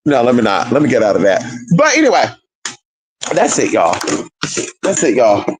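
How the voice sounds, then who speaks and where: With a medium-pitched voice that swoops wildly, a young man speaks at normal speed, telling viewers a family story. He's a spiritual content creator, casual, sassy and profane, calling listeners girl and honey, with background noise present.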